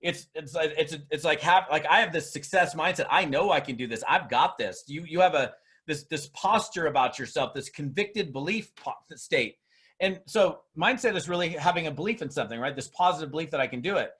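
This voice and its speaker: A man's voice: on the high side, brisk, a bit bright, husky. A man giving a motivational talk to a seminar audience on network marketing, emphatic and fond of mocking put-on voices.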